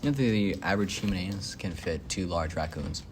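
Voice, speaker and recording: Animated young man telling a story. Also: deep voice, fast talker, background noise. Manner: animated storytelling, rising incredulous questions. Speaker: host. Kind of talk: casual chat.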